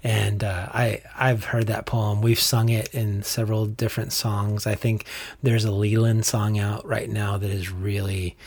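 A man's voice: lowish voice, little pitch movement, a little slow, hardly any pauses, a little mellow. A man co-hosting a casual faith podcast, reading passages aloud and then talking with restarts. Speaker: podcast co-host.

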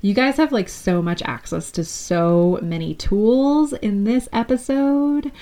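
A woman's voice: medium pitch, takes it slowly, mellow. A woman in her thirties hosting a solo podcast, talking candidly and affectionately straight to her listeners. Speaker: podcast host.

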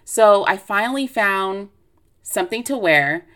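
A woman's voice: mid-range voice, animated, measured pace, fairly bright tone. A woman in her late twenties hosting a podcast, telling a personal story in a chatty, confessional way with lots of fillers. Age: late 20s. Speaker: podcast host. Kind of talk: casual personal chat.

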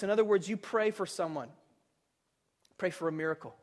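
A male pastor preaching a sermon, animated, with many rhetorical questions and sudden swings from loud bursts to hushed asides. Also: high voice, a little fast, pauses often.

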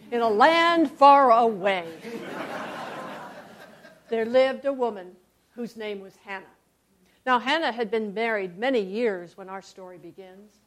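A woman storyteller telling a tale for all ages, expressive and shifting from loud to hushed with dramatic pauses. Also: a little high.

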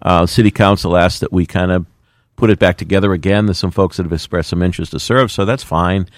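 A man's voice: sits low, fairly even intonation, fast talker, no echo, clean studio sound. A middle-aged man, a mayor speaking in a plainspoken, folksy way with plenty of fillers. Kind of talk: radio interview talk.

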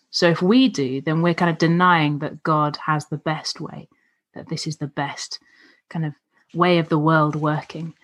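Thoughtful woman discussing scripture. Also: low-pitched. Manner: thoughtful, warmly affirming, tag questions. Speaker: co-host discussing a Bible passage. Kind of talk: casual Bible study discussion.

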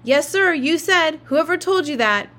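A woman reading aloud and voicing a stubborn little boy who argues back in a shrill, indignant way. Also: animated, measured pace, fairly bright tone. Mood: shrieking. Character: stubborn shrieking little boy, younger brother.

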